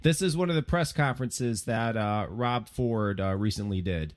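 A man's voice: lowish voice, normal speed, no echo, clean studio sound. A man hosting a casual call-in show who teases his co-host and laughs often. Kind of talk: casual podcast banter.

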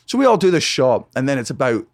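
A man, a comedian guest on a podcast, telling a story in a lively, profane, casual way. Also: mid-range voice, fast, no echo, studio quality. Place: home podcast studio.

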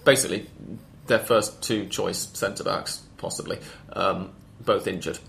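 A man's voice: deep voice, steady tone, unhurried, vocal fry, fairly bright tone, a little hiss or hum. A man hosting a casual football podcast, rambling and correcting himself as he reels off stats. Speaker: podcast host.

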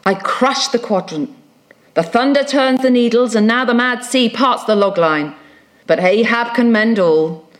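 A woman's voice: fairly high pitch, animated, measured pace. A woman reading an audiobook, voicing a brooding, fierce old sea captain in a declamatory, commanding way.

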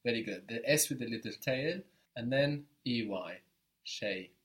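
A man's voice: mid-range voice, expressive, unhurried. A man teaching a spoken language lesson, patiently explaining step by step and encouraging his student.

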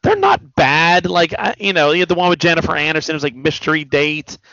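Gravelly-voiced man rambling on a podcast. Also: on the high side, animated, a little fast, pushed and bright, no room sound. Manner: rambling, loose, swears freely. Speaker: podcast host. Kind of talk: casual pop culture chat. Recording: dull lo-fi dry recording.

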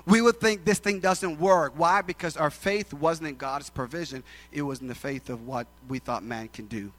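A middle-aged man preaching a sermon as pastor, swinging from hushed tones to loud declarations and acting out the voices in his stories. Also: on the high side, moderate pace.

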